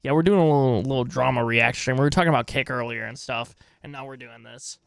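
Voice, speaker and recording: A man's voice: medium pitch, quick pace, vocal fry, smooth, no room sound, studio quality. A young adult man streaming live and reacting to online drama in casual, swearing chat. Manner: casual, swearing, reacts loudly, laughs often.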